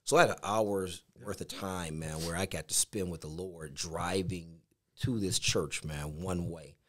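A man's voice: deep voice, measured pace. A middle-aged man co-hosting a casual faith podcast, telling a personal story and saying "man" in nearly every phrase. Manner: says "man" constantly, animated storytelling. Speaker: podcast co-host, pastor.

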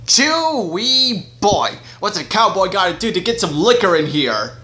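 A man's voice: high voice, big pitch swings, measured pace, bright, forceful tone, pitched above the performer's own voice, heavily acted. A man doing a boastful old cowboy toy. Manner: drawling, stammers "ch-ch-chewy boy". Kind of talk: puppet show character voice.

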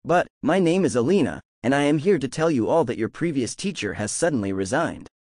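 A man's voice: mid-range voice, lively intonation, brisk, darkish tone, no echo, lightly acted. Nervous middle-aged teacher lady, read by a male narrator, hesitant, dry audiobook sound.

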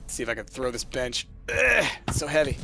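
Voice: mid-range voice, big pitch swings, a little fast, creaky, noisy background. A gamer guiding a friend through a co-op game, encouraging and laughing often. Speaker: gamer, guide. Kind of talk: casual co-op gameplay chat.

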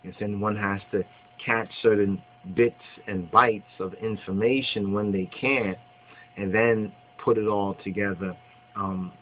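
A man's voice: lowish voice, fairly even intonation. Rambling man teaching over tinny audio. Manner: rambling, repeats phrases, halting with many restarts. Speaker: religious studies teacher. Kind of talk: informal spoken lesson. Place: indoors on the East Coast of America. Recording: tinny phone-like audio with faint hum.

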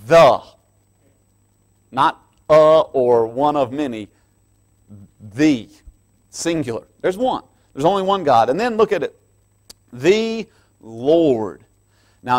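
A middle-aged man preaching a conversational midweek sermon, with folksy asides to the congregation, dropping to quiet asides and rising to loud emphatic stresses. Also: mid-range voice. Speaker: pastor.

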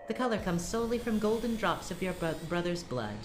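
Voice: medium pitch, expressive, fairly quick, noisy background, voice pushed up, close to an everyday voice. A reader voicing a cruel, theatrical adult female witch who taunts and gloats grandly, with music behind. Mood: taunting.

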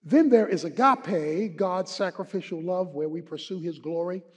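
High, husky preacher man in echoing hall. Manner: swings from hushed, slow teaching to shouted, rising exhortation. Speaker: pastor. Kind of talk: sermon. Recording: long hall reverb.

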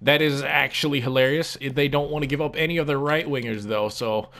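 A young man casually commenting on a sports game as he plays, animated, swearing often and repeating himself. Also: medium pitch, brisk, hardly any pauses. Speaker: gaming YouTuber.

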